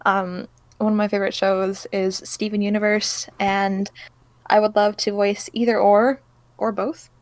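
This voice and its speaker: Female voice actor guest, mid pitch, giggly and hesitant, dry mic. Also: little pitch movement, measured pace, no room sound. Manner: giggly, hesitant with many fillers. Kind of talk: casual interview chat.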